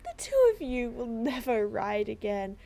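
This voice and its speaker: A woman's voice: fairly high pitch, sing-song, a little slow, gravelly, dark tone, exaggerated voice. A woman voicing a scornful young villainess in a game, gloating and sneering as she speaks. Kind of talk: reading game dialogue aloud.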